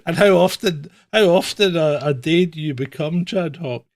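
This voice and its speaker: A man's voice: on the high side, moderate pace. A man hosting a comedic livestream, teasing his co-host and laughing often. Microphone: webcam livestream.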